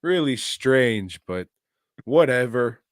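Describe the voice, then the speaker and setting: Slow, dry-voiced profane podcast man. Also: mid-range voice, lively intonation, dry recording. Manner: crude, profane, mocking jokes. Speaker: podcast co-host. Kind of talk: casual movie review chat.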